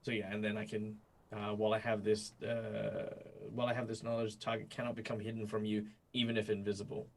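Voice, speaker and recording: A man with a somewhat low voice explains his moves in a tabletop game. He rambles and often restarts mid-sentence. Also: little pitch movement, fast talker, few pauses, low-quality recording. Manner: rambling, self-correcting. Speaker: player.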